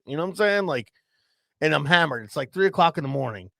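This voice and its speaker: Gravelly profane man telling a story. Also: a little high, lively intonation, brisk, a bit bright, no echo. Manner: profane, says "bro" constantly. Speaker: podcast co-host. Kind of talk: casual storytelling.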